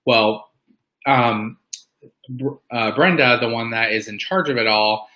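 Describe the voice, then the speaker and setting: A man's voice: mid-range voice, takes it slowly, lo-fi sound. A man giving a casual, fired-up motivational talk to an online weight-loss group, full of "like" and "um". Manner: chatty, fired-up, preachy bursts, lots of "like" and "um". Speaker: weight-loss community member speaking on a live meeting.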